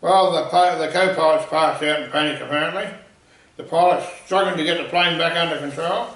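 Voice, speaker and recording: A man spins a rambling, animated comic yarn with a gravelly, bright voice that sits a little high. He sounds far from the mic, in a very echoey room. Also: a little fast. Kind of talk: comic anecdote storytelling.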